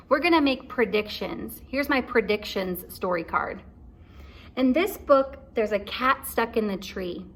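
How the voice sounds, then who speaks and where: Woman teacher, kindergarten read-aloud, encouraging, questions, bright voice, slightly high. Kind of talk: read-aloud for young children.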